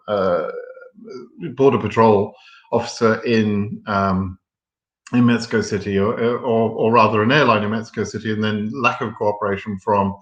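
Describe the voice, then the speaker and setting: A man's voice: medium pitch, fairly bright tone, roomy sound. A man hosting a live question and answer stream, reading viewer questions and answering them frankly, with many ums and restarts. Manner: frank and blunt, reads viewer questions aloud then answers.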